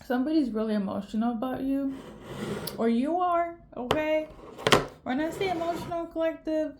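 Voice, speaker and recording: Against a noisy background, a woman with a high-sitting voice speaks at normal speed while doing an intuitive tarot reading to camera. She's in tears, emotional throughout, and she often tags her sentences with "okay?"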